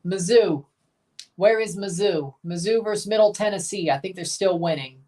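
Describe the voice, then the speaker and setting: A woman hosting a live game watchalong, giving chatty, blunt reaction commentary and bursting into excited cheers. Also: medium pitch, normal speed, far from the mic. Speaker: livestream watchalong host.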